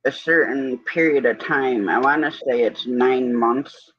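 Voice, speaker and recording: A man's voice: medium pitch, a little slow, breathy edge, no echo, lo-fi sound. A man hosting a livestream, telling rambling stories in casual chat and quoting back and forth with "I said". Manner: rambling storyteller, quoting others with "I said". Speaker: livestream host.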